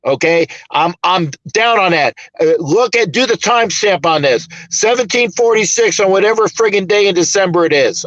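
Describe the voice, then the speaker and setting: A man's voice: high-pitched, animated, moderate pace, hardly any pauses, a bit bright, dry recording, highs cut off. A man hosting a casual sports podcast, talking in an emphatic, rambling way with some swearing. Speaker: podcast host.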